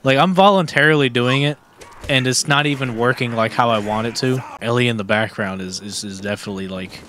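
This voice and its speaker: A young man giving casual, excitable commentary on his own gameplay, laughing often and repeating himself. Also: mid-range voice, a little fast. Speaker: gaming streamer. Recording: faint background noise.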